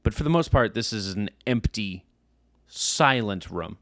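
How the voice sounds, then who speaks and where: Low-voiced man telling a story. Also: measured pace, dry recording, clean studio sound. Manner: animated storyteller, acts out overheard voices. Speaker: podcast co-host. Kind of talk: casual storytelling.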